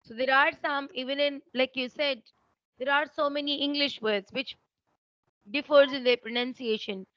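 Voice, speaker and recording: A woman's voice: high voice, steady tone, normal speed, a bit bright, dry recording, highs cut off. A woman with an Indian accent, an English teacher explaining pronunciation rules and checking that she is understood. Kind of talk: online teaching exchange.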